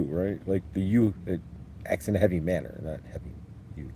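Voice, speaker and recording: A man's voice: on the low side, quick pace, a little hiss or hum. A man hosting a live-stream spiritual talk, rambling and upbeat as he leads repeat-after-me affirmations. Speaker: host.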